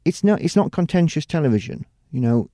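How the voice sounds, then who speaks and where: Rambling middle-aged British man, mellow voice. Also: on the high side, expressive, brisk, dry recording, studio quality. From United Kingdom. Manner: rambling, many restarts and "you know"s. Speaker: TV presenter and producer. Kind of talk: casual interview talk.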